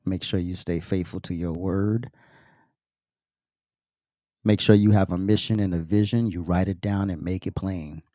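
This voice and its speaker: A man's voice: low-pitched, fairly even intonation, unhurried, pauses often, dark tone, no echo, studio quality. A man hosting a podcast, telling an earnest, reflective personal story with open emotion. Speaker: podcast host.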